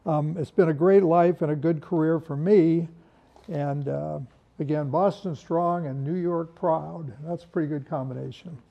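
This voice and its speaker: Older man with gravelly, folksy delivery. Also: a little high, fairly even intonation, moderate pace, lo-fi sound. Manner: folksy, rambling storyteller with humor. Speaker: wool carpet industry veteran giving product talk. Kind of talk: informal product presentation.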